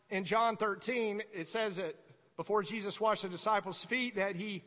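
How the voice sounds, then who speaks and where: Man, pastor, casual animated sermon, bright tense voice, reverberant church. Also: high-pitched. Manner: conversational, animated, acts out voices in stories.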